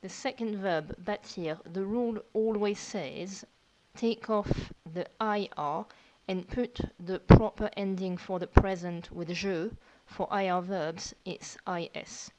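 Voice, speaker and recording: Slow, patient woman teaching grammar. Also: medium pitch, a little mellow, low-quality recording. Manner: patient step-by-step explaining. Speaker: French teacher. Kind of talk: recorded grammar lesson.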